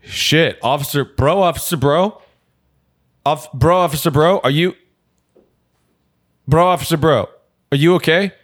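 A man playing a wild, giddy drug user in an improvised comedy sketch, excitable and laughing. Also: a little high, a little slow, long pauses.

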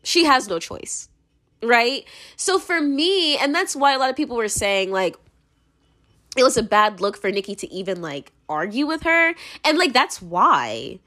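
A young American woman talks through her opinions in a loose, rambling monologue. Her voice sits high and swings widely up and down. She is blunt, swears freely and fills her sentences with "like". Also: very animated, unhurried, sharp tone. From United States. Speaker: commentator.

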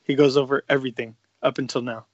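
A man co-hosting a podcast, excitedly recapping a comic story in casual chat, swearing freely and rambling. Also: medium pitch, quick pace, dry recording, dull audio. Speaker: podcast co-host.

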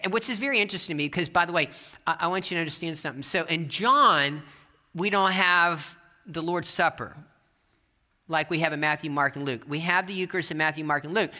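Bright-voiced preacher telling stories from the pulpit, speeds up then slows way down, lots of restarts. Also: medium pitch. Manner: animated, shifting pace, rising to emphatic peaks; repeats phrases and restarts as he builds. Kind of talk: sermon with storytelling. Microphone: presenting with slides.

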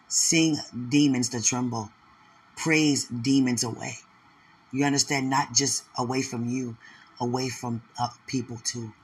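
A man giving an emotional live prophetic word of encouragement, repeating phrases and rising into excited exclamations. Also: breathy edge. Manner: emotional, repetitive, building to excited high exclamations.

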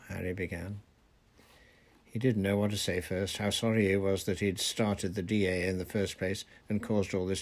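A man reading a novel aloud in steady, deliberate narration. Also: sits low. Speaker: reader. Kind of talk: audiobook narration.

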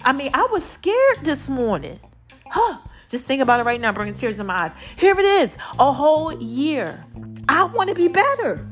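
Over faint background music, a woman delivers an impassioned faith testimony to her viewers in a high, very animated voice at a moderate pace. Her throat is tight and she's a little choked up, and she repeats herself emphatically for stress.

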